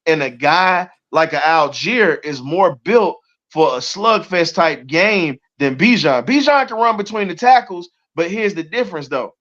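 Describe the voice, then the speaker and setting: Southern guy hosting a football call-in, hot and ranting, voice kinda high, muffled lo-fi audio. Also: expressive, measured pace, fairly bright tone. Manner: fired-up, colorful trash talk. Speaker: show host. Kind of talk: heated sports talk. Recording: dull lo-fi audio.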